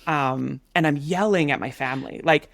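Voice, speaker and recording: Animated woman telling a story, dry sound. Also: deep voice, normal speed, gravelly, no room sound. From Canada. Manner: animated, filler-heavy storytelling. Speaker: podcast guest. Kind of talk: casual storytelling.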